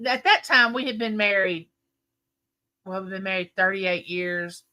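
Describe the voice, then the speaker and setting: A woman's voice: medium pitch, a little slow. A middle-aged woman, casually telling a long family story to her livestream audience. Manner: animated, emphatic storyteller. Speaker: livestream host.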